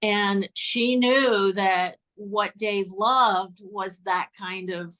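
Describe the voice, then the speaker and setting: A woman's voice: medium pitch, fairly even intonation, very slow, a bit bright. Older woman telling chatty stories. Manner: chatty storyteller, laughs often, repeats words. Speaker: guest, former cue card writer. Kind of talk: casual interview chat.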